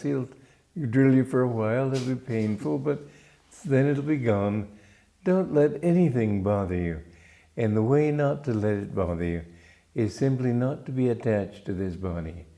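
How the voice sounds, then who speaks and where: Mellow-voiced man giving spiritual talk. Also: mid-range voice. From Romania. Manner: gentle, unhurried, with small restarts. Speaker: spiritual teacher.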